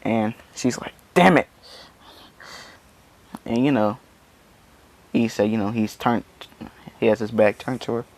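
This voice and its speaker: A man's voice: fairly low pitch, little pitch movement, normal speed, long pauses, darkish tone. A man casually retelling a fan story, rambling and padding it with constant fillers. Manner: rambling, full of "you know" fillers.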